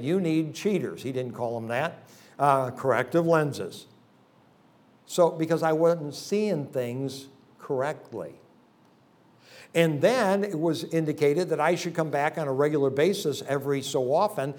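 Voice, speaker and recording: A man preaching a revival sermon to a congregation in a church, telling folksy jokes and leading the audience through a hands-on exercise. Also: a little high. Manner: folksy, joking storyteller. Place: church service.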